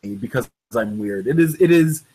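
A man chats casually in a playful way and laughs easily. His pitch moves up and down with lively energy. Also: normal speed, husky, rough recording. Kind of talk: casual chat.

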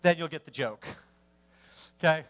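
A man preaching a sermon, swinging between emphatic rising questions and hushed drops. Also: a little high, moderate pace.

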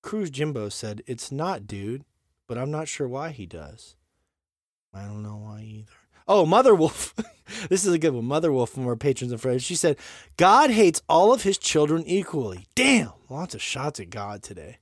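A man's voice: medium pitch, very animated, normal speed, no echo, studio quality. A man hosting a gaming podcast, reading listener comments aloud with frequent laughter in casual banter. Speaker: podcast host.

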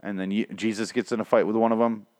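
A man's voice: fairly low pitch, little pitch movement, fast, a little mellow, dry recording. A young man hosting a casual solo show, recapping a TV episode in a rambling, profane, griping way with many restarts. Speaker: podcast host recapping a TV episode.

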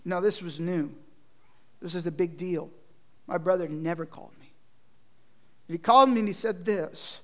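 Preaching a sermon at normal speed with frequent pauses, a high-voiced man relates a heartfelt personal story. His delivery rises to loud moments and falls to near whispers.

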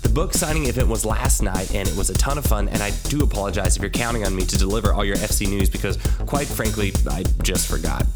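A man's voice: fairly low pitch, fast, few pauses. A man hosting a church podcast, reading the week's announcements in a chatty, self-deprecating way. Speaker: podcast host. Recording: loud music under the voice. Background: music.

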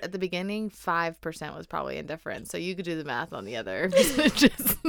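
A woman's voice: lowish voice, very animated, fast, vocal fry, no room sound, studio quality. Teasing, laughing woman podcaster. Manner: teasing, laughing, prodding questions. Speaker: podcast co-host. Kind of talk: casual podcast chat.

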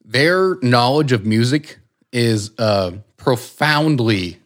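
A man's voice: medium pitch, lively intonation, slow. A young man co-hosting a casual comedy podcast, easygoing and given to casual swearing. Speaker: podcast co-host.

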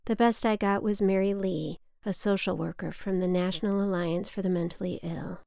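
Young woman reading her own memoir, hushed and half-whispered, with creaky fry, in a dry, close-miked sound. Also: medium pitch, fairly even intonation, normal speed, no room sound. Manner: hushed, often whispered, intimate. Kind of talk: reading a personal essay aloud.

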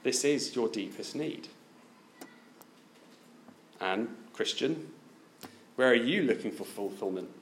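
A man's voice: medium pitch, expressive, slow pace, long pauses, slight background noise. A man preaching a sermon, asking his listeners many direct questions.

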